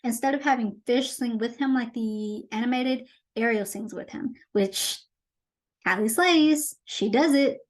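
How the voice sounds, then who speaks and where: A woman hosting her own commentary show, chatty and animated as she retells a movie's plot in a casual review. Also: on the high side, measured pace. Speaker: host.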